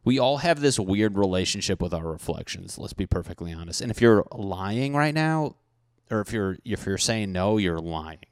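A man hosting a podcast, ranting in a casual, profane and animated comic way into a handheld microphone. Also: deep voice, normal speed, no echo. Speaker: podcast host. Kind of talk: casual comedic rant.

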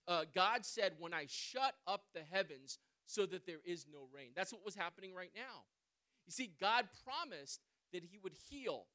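Bright-voiced male preacher telling a story. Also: sits high. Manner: keeps adding "right?" to check in with listeners; animated storyteller, swings between loud and quiet. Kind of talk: sermon with personal storytelling.

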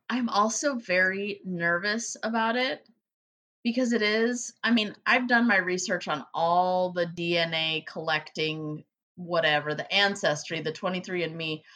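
Animated, foul-mouthed woman telling stories. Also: mid-range voice. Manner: animated, profane storyteller who acts out quotes. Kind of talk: casual chat.

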